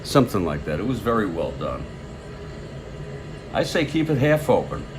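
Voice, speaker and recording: A man hosting a tabletop baseball replay, giving casual play-by-play with rambling chatty asides and bursts of excitement on big plays. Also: on the low side, moderate pace, noisy background.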